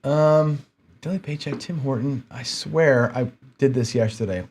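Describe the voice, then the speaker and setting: A man's voice: mid-range voice, unhurried, a little mellow, slight background noise. Man muttering while hunting for a file. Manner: frustrated, muttering to himself while searching. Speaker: livestream host. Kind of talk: casual live-stream chat.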